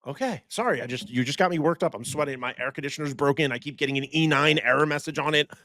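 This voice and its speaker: A man co-hosting a casual podcast chat, telling lively anecdotes and laughing as he talks. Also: on the high side, quick pace, no echo, clean studio sound. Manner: animated storyteller who laughs mid-sentence. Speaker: podcast co-host.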